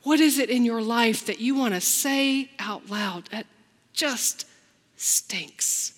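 A woman pastor delivering a slow, reflective sermon, acting out the lines she quotes. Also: fairly high pitch, big-room sound.

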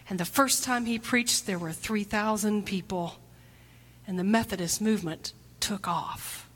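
Delivering a reflective sermon in a mid-range voice, a woman pastor speaks a little slowly. She poses questions to the congregation and occasionally lowers her voice to a hushed near-whisper, with a long hall reverb on the recording.

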